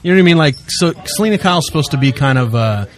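A man's voice: fairly high pitch, lively intonation. A man co-hosting a podcast in casual chat, joking and contrary, drawing out his thoughts. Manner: contrary, jokey, drawn-out musing. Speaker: podcast co-host.

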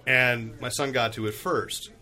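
A man's voice: mid-range voice, steady tone, measured pace, sharp tone. A man hosting a casual group podcast, chatty, often laughing and trailing off with fillers. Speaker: podcast host and comic editor.

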